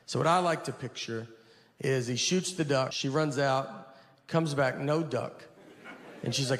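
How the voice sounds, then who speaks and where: Deadpan stand-up comic in a reverberant hall. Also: male voice, medium pitch, measured pace. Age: 40s. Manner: deadpan, rambling, self-deprecating. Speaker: stand-up comedian. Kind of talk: stand-up storytelling. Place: theater stage with laughing audience. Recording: reverberant live hall with audience noise.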